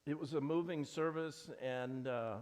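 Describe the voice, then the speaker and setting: A man's voice: a little high, a little slow, darkish tone. A middle-aged man preaching a sermon in a church, earnest and conversational, often restarting his sentences. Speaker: pastor. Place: church sanctuary.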